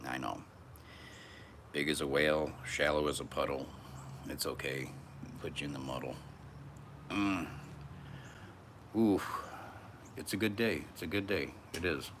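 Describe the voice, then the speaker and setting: A man in his thirties with a deep, low voice drifts through a loose, profane monologue. The stream sounds like it is recorded outdoors, with crickets and passing traffic clearly audible behind him. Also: unhurried, pauses often. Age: 30s. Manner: musing, profane, wandering monologue. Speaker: live streamer. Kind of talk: rambling solo live stream. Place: outdoors on a hot day.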